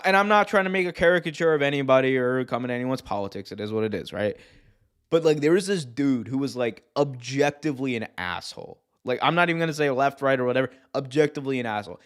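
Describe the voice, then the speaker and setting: A man hosting a live wrestling stream, talking in a loose, rambling way, swearing often and laughing easily as he reads chat. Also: mid-range voice. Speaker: host.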